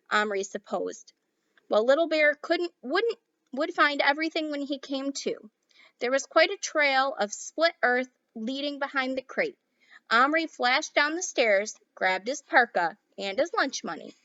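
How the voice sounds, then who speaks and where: A woman's voice: on the high side, no room sound, lo-fi sound. A woman teacher reading a children's novel aloud to her class, then giving the students a task. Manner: clear, steady read-aloud with classroom asides.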